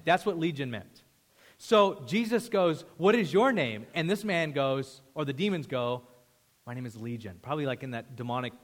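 A man preaching a sermon as pastor, emphatic and storytelling, swinging between loud declarations and hushed asides. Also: a little high. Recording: reverberant hall sound.

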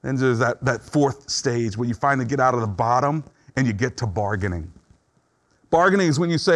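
A man's voice: medium pitch, animated, a little fast. A middle-aged man preaching a sermon in an earnest, conversational way, acting out short quotes as he teaches. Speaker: pastor.

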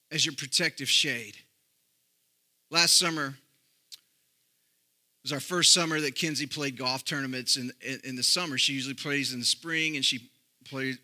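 A man's voice: a little high, pushed and bright. A middle-aged male pastor preaching a sermon, with emphatic, sung-out phrases that rise and fall.

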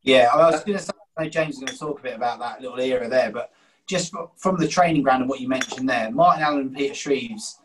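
A male co-host who talks fast and eagerly as he asks questions. His voice sits in a middle pitch. Faint noise sits behind him. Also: low-quality recording. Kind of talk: casual chat.

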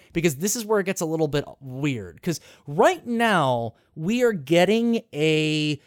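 Guy hosting a podcast, super animated swingy voice, cusses a lot, dry close sound. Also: fairly high pitch, no room sound. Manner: animated, swears freely and laughs often; rambling with frequent restarts. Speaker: podcast host. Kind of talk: casual chat recapping a game.

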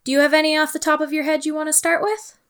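A woman's voice: sits high, little pitch movement, fast, a bit bright. A woman from Ontario co-hosting a podcast, chatting in an easygoing, agreeable way. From Ontario, Canada. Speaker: podcast co-host. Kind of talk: casual podcast chat.

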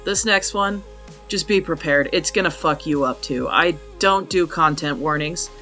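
A man narrates a true crime case for his podcast in a blunt, openly angry way, swearing freely. His voice sits a little high and sounds bright and forceful. Soft music plays underneath. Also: a little slow.

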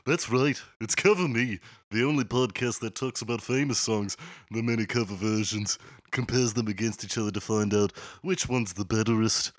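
A man's voice: fairly low pitch, moderate pace, no echo, studio quality, close to an everyday voice. A man putting on a playful impression of a famous Liverpool rock star, with a Liverpool accent. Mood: jokey. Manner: hammy, self-mocking impression.

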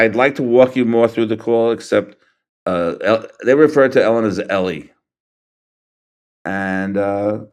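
Older guy, lowish voice, stops and restarts a lot, earnest, telling what happened. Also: darkish tone. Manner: halting, restarts and trails off, earnest. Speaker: interview guest, grieving father. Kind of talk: recounting events in an interview.

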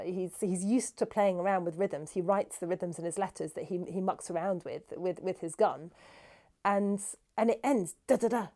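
A woman cellist and music scholar explaining a song, animated and often restarting her sentences. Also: lowish voice.

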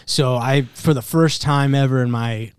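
A man's voice: moderate pace, clear, resonant tone, no echo, clean studio sound. Upbeat man hosting a podcast. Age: 30s. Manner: upbeat, animated, drops low when telling stories. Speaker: podcast host. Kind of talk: casual podcast chat.

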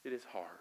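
A man preaching a sermon as pastor, talking conversationally and moving between quiet asides and loud, emphatic lines. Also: slight background noise. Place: church sanctuary.

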